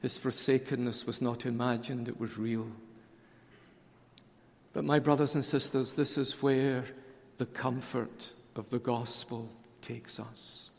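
Male preacher, conference sermon; slow, weighty delivery, hall reverb. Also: medium pitch, steady tone, creaky, slight background noise. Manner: slow, deliberate, emphatic repetition.

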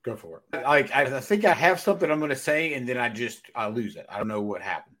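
A man's voice: medium pitch, animated, quick pace, fairly bright tone. Man giving brief agreeing interjections. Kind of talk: conversational podcast talk.

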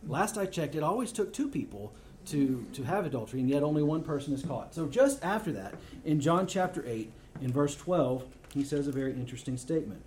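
A male preacher with a mellow, warm, fairly high voice delivers a sermon. He reads scripture aloud and breaks into lively, storytelling asides. A faint hiss sits behind his voice. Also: fairly quick.

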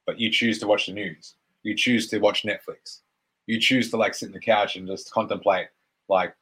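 A man's voice: fairly low pitch, steady tone, normal speed, fairly bright tone, husky. A man around thirty, a fitness coach giving a blunt motivational talk on a live stream, swearing freely and saying "like" a lot.

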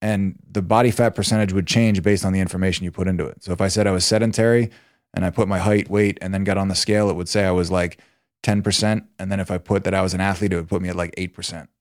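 Deep-voiced man in casual chat. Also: fast talker. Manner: relaxed, rambling with fillers.

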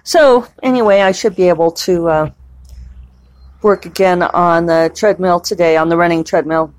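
A woman novelist chats casually at home for a vlog, rambling and digressing with plenty of fillers. Her voice is lowish, at normal speed, with no room sound.

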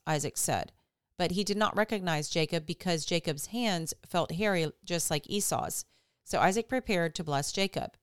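A woman hosting a podcast, reading scripture aloud in a steady, measured way. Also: lowish voice, clear, resonant tone, no echo, studio quality. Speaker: podcast host.

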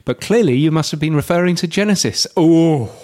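A man co-hosting a podcast in relaxed, rambling chat full of fillers. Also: on the high side, fairly quick. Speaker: podcast co-host.

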